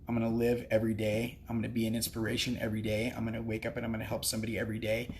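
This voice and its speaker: A man's voice: lowish voice, completely flat delivery, rapid-fire, a little mellow, slight background noise. A man in recovery sharing his story during a livestream from a cafe. He is emotional and rambles, with many ums and restarts. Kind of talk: heartfelt livestream speech.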